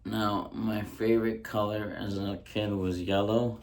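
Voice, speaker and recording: A man doing a casual home-recorded ASMR stand-up bit, rambling through deadpan jokes with frequent ums, close on a handheld mic. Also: fairly low pitch, measured pace. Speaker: stand-up comedian. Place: indoors at home.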